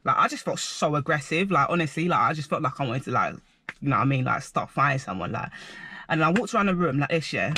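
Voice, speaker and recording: A young man telling a rambling personal story to camera, animated and full of filler words. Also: fairly high pitch, fast, noisy background. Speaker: vlogger.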